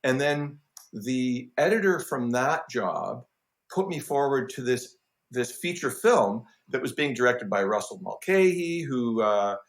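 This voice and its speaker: A middle-aged man, a composer, telling stories in a casual interview, self-deprecating and halting, with many restarts. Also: mid-range voice, lively intonation. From Canada. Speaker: film and TV composer, guest.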